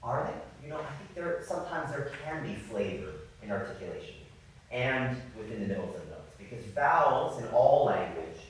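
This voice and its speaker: Male music coach leading a masterclass, animated and apologetic, heard from a distant mic in a very echoey hall. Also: medium pitch, moderate pace, slight background noise. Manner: apologetic, animated, demonstrating by singing. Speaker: viola masterclass teacher.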